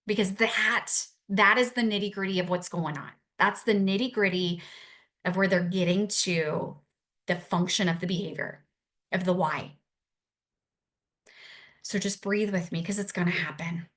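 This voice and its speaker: A young adult woman who supports families speaks earnestly and reassuringly to parents, repeating her key phrases. Her voice is medium-pitched and a bit bright.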